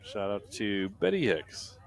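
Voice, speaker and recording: Chatty male race commentator, lowish voice. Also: big pitch swings, measured pace, creaky. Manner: chatty, reads out standings and viewer comments. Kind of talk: live sports commentary. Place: commentary booth at an outdoor race event.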